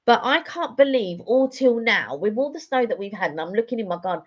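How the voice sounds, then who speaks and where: A woman's voice: fairly high pitch, lively intonation, brisk, few pauses, highs cut off. A woman chatting casually on a live stream, telling rambling stories with lots of fillers. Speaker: vlogger doing a live stream. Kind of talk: casual chat.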